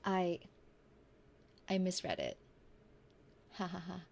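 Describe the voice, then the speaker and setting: A woman streamer talking softly between lines of a whispered role-play, stammering and giggling as she reads chat. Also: on the low side, huge pitch swings, slow, creaky, a little hiss or hum.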